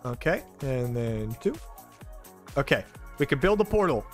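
A young streamer talks through a game with his desk mic, reacting loudly and cursing as things go wrong. His pitch leaps up and down constantly, from low grumbles to high yelps. Soft game music plays in the background. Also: unhurried. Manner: excitable, swears, shouts and laughs at the game. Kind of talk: live game commentary.

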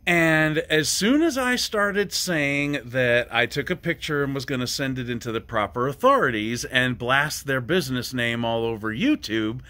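A man ranting in a personal vlog, agitated and swearing often, at times raising his voice to a shout. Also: fairly high pitch. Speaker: vlogger. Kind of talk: angry personal vlog rant.

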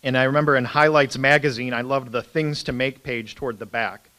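A man's voice: medium pitch, steady tone, brisk, pushed and bright. Man telling funny childhood stories. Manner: humorous, self-deprecating anecdotes with frequent fillers. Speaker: priest. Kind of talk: storytelling talk.

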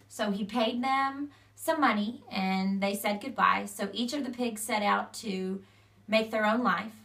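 A woman's voice: medium pitch, fairly bright tone, recorded from a distance. A young woman casually retelling a fairy tale, chatty, linking sentences with "so" and "you know". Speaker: storyteller.

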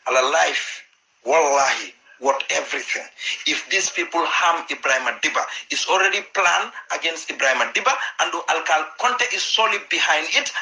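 A man's voice: on the high side, sharp tone, rough recording. A Gambian man giving impassioned political commentary, repeating his points for emphasis. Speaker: political party activist.

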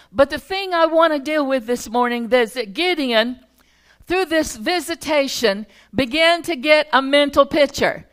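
A woman's voice: sits high, fairly bright tone, clean tone. An older woman preaching a sermon, telling a personal story in a conversational, self-correcting way.

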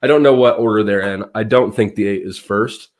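A man's voice: on the low side, brisk. Man, casual chat, blunt, swears freely, laughs between lines. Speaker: guest. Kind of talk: casual conversation.

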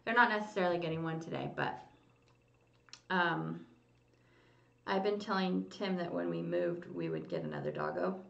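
On a lo-fi, roomy home stream, a woman with a fairly low, gravelly voice hosts a casual livestream, recorded from a distance. She's chatty, reads viewers' comments aloud, and hums while waiting.

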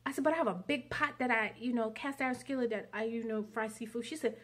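A woman's voice: fairly high pitch, fast, hardly any pauses, husky. A woman vlogger telling a long story in a rambling, chatty monologue. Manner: chatty, rambling, many fillers.

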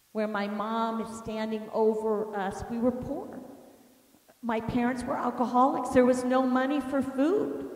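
A woman teaching a class, telling a personal story in an animated, emphatic way. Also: on the high side. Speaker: teacher of an inner healing course. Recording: echoey hall from far off.

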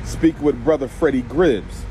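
A man's voice: medium pitch, unhurried, warm tone, slight background noise. A man giving an impassioned, preachy monologue in reply to a clip. He repeats himself for emphasis and keeps calling the listener brother. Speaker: commentator responding to a clip.

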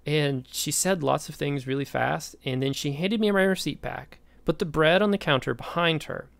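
An American man giving a recorded lecture, telling a story from his own life in an animated way. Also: on the high side, normal speed, gravelly, no room sound. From United States. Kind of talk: recorded lecture with a personal anecdote.

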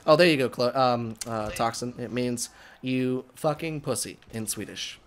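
A young man hosting a casual gaming livestream, excitable and swearing freely between laughs. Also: medium pitch, moderate pace, a little hiss or hum. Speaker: livestream host.

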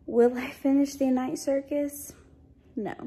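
A woman's voice: high voice, little pitch movement, a little slow, mellow. A tired young woman chatting casually to her vlog camera at home, sleepy and self-deprecating. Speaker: vlogger.

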